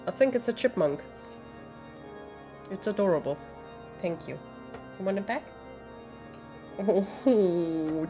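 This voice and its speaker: A woman's voice: medium pitch, mellow. A young woman streaming a game at home in casual, giggly chat, using baby talk with her dog.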